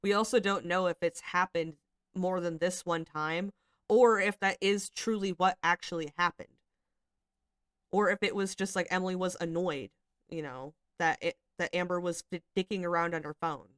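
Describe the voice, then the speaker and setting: A woman's voice: on the low side, fairly even intonation, normal speed, fairly bright tone, clear, resonant tone, no room sound, studio quality. A woman giving casual, rambling commentary as she reads screenshots, hedging a lot and sounding exasperated and critical. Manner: rambling, hedging with frequent fillers. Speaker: commentary channel host.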